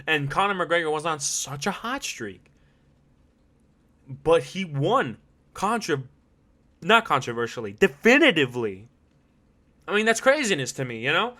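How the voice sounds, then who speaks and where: Excitable young-sounding podcast guy, bright voice. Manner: animated, swears a lot, laughs often; swings between loud outbursts and low asides. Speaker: podcast host. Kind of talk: solo podcast monologue.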